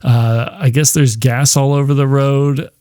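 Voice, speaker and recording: A man's voice: mid-range voice, fairly even intonation, a little slow, darkish tone, smooth, dry recording, studio quality. A man hosting a podcast, retelling a novel's plot in a casual, rambling way, swearing freely and laughing now and then. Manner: rambling, profane, laughs often. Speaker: podcast host.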